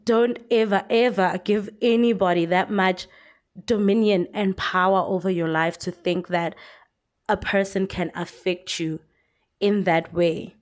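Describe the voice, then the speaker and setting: A woman's voice: medium pitch, steady tone, unhurried. A young South African woman giving frank, chatty commentary on a vlog. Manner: chatty, frank, lots of fillers and laughs. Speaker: YouTuber commentator.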